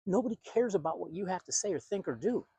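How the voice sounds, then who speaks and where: A man from the United States preaching in a fast, blunt, confrontational monologue. His voice is husky and sits somewhat high. It is recorded close and dry, with almost no room sound. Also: animated, dark tone, no room sound. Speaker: pastor and video host.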